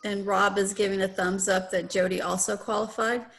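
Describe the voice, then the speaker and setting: Brief: woman with a gravelly voice running an online meeting, brisk and organized. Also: medium pitch, flat delivery. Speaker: general evaluator. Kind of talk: meeting chairing.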